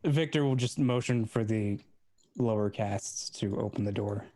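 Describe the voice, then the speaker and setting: A man's voice: on the low side, moderate pace, dark tone. Terse man playing a tabletop game. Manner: terse, plays a stoic character. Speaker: player.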